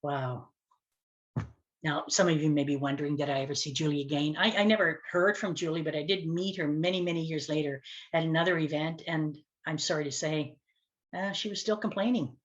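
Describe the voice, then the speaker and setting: A woman speaks to her audience in an animated storytelling way. Her voice leaps up and drops low as the story goes on. The recording is a little dull and lo-fi. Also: brisk. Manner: animated storytelling with big pitch swings. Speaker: speaker and communication coach. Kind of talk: storytelling talk to camera.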